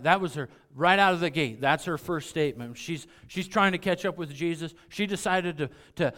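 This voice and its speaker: A middle-aged man preaching a sermon as pastor, emphatic and fond of repeating key phrases, often dropping to a quiet, intense delivery. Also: a little high, moderate pace, hardly any pauses.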